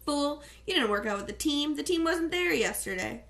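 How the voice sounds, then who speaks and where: A woman reading an audiobook, voicing a cocky teenage boy soccer star who mocks and brags loudly. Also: high voice, expressive, normal speed, voice pushed up. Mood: scornful. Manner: brash, mocking, loud.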